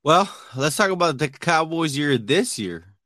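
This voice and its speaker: A man's voice: on the high side, lively intonation, unhurried, sharp tone, no room sound, clean studio sound. A man interviewing a former football player, asking long questions with many restarts. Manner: hesitant, many restarts and fillers. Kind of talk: casual sports interview.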